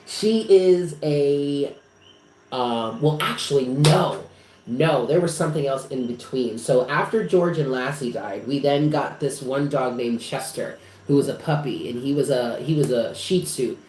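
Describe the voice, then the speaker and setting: A man's voice: mid-range voice, unhurried, darkish tone. Rambling man in an echoey room. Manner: rambling, emotional storytelling with many fillers. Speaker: psychic reader hosting a live stream. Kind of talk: casual live-stream chat. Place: apartment. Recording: echoey room with faint noise.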